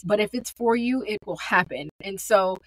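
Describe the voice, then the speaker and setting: A woman's voice: medium pitch, moderate pace, a bit bright, dry recording, rough recording. Upbeat forty-year-old woman podcast host. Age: 40s. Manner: upbeat, candid, conversational. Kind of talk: solo podcast monologue.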